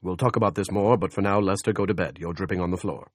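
A man voicing God in an audiobook, loud, slow and solemn, with old-fashioned speech. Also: deep voice, no echo, clean studio sound. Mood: commanding. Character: booming scolding male voice of God. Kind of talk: audiobook character voice.

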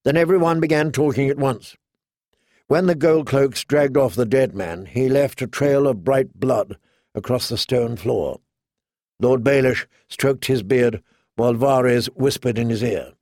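A man reading a fantasy novel aloud as an audiobook narrator, measured and steady. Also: medium pitch, no room sound, clean studio sound. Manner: measured, storytelling. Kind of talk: scripted narration.

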